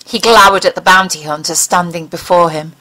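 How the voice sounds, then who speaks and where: A woman narrating an audiobook in an expressive, dramatic reading style. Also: on the low side, brisk, low-quality recording.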